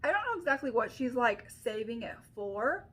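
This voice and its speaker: A woman's voice: on the high side, sing-song, normal speed, fairly bright tone, breathy edge. A woman chatting casually through a makeup tutorial at home, telling stories full of "like" and little asides. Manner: chatty, storytelling, filler-heavy with frequent "like". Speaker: beauty vlogger.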